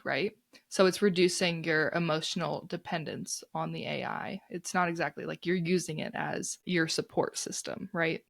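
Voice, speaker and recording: A woman's voice: fairly low pitch, no echo, clean studio sound. A woman co-hosting a casual podcast. She explains study findings in a chatty way, often checking in with "right?". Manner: explains studies conversationally, many "like" and "right?". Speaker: podcast co-host.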